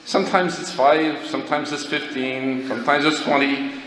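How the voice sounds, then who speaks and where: A man's voice: medium pitch, steady tone, normal speed, a bit bright, pitched above the performer's own voice, close to an everyday voice. A man putting on the voice of his sly, cheerful old grandfather, a ladies' man, in an echoey hall. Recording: echoey hall, faint noise.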